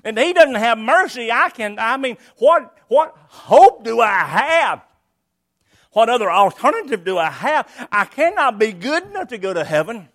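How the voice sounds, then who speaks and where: An older man preaching a sermon, emphatic and repetitive, swinging between loud declarations and hushed lines. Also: extremely high pitch, sing-song, normal speed.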